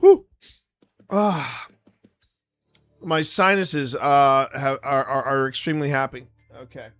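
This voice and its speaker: A man's voice: medium pitch, slow pace, fairly bright tone, no echo, faint music behind. A man hosting a live stream, chatting to his viewers in a rambling way with many fillers, close to the mic. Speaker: streamer host.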